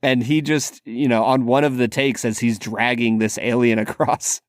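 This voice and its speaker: A man co-hosting a podcast, telling stories in a relaxed casual way. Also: medium pitch, moderate pace, no echo, studio quality. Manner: relaxed storyteller, many "like" fillers. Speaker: podcast co-host.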